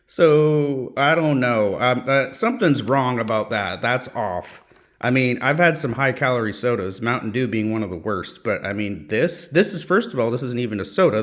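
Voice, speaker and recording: A man's voice: mid-range voice, fairly bright tone, echoey room. A man reviewing snacks and drinks in a casual vlog, chatty and thinking aloud, often correcting himself. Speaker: food reviewer.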